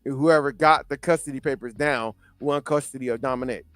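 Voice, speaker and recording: A man's voice: medium pitch, a little fast, dry recording. A man hosting a casual comic book chat show, telling stories and laughing often. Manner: laughs often, animated storytelling. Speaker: host.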